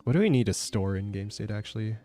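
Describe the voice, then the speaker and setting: A man streaming as a VTuber, chatting casually while he codes, joking at his own expense and sometimes breaking into high squeaky yelps. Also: lively intonation, fast talker, dark tone, soft background music. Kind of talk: casual chat while coding.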